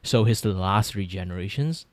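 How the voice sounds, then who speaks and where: A man's voice: on the low side, normal speed, no echo. A young man with a Malaysian English accent chatting casually on a livestream while he draws, rambling, swearing freely and laughing often. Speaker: vtuber streamer.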